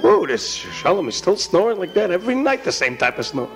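A man voicing a chatty, excitable tailor talking to himself at night. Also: high-pitched, brisk, creaky, music in the background, exaggerated voice.

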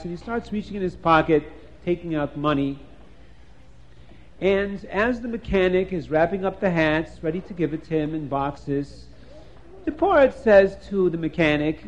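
A man telling a folk tale in a homely, rambling manner, full of fillers. His voice sits high for a man. The recording is dull and lo-fi. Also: moderate pace. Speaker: storyteller. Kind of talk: oral storytelling.

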